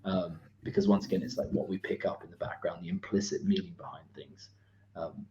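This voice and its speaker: Low-voiced young man, swearing, casual. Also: little pitch movement, brisk, warm tone, echoey room, a little hiss or hum. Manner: swears freely, laughs often, acts out quoted lines. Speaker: podcast co-host. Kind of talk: casual chat. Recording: dull lo-fi recording.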